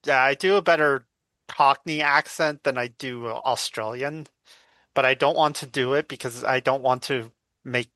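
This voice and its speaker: A man's voice: mid-range voice, normal speed, sharp tone, no echo. A man co-hosting a casual gaming news podcast, rambling and correcting himself as he talks. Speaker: podcast co-host.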